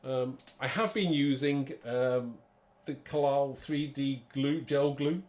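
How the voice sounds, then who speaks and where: A man's voice: mid-range voice, fairly even intonation, slow pace, a little mellow. Chatty man demonstrating card making. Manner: chatty, rambling, thinks aloud; self-mocking, laughs at own muddle. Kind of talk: live craft demo.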